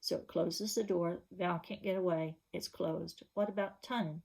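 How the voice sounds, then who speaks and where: A woman's voice: on the low side, steady tone, normal speed, vocal fry, a little mellow, breathy edge. A woman teacher giving a reading lesson to young children, patiently asking questions to prompt the class.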